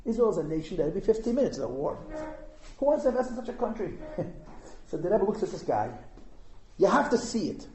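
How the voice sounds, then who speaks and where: A man teaching at an informal Hasidic gathering, an animated storyteller who fires rhetorical questions and chuckles at his own asides. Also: high-pitched, quick pace, pauses often, slight background noise. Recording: echoey room.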